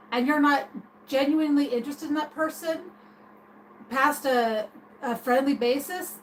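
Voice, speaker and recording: A woman's voice: high voice, a bit bright, slight background noise, poor audio. A woman streaming a casual opinion rant, rambling and hesitant with many restarts. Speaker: streamer talking to viewers.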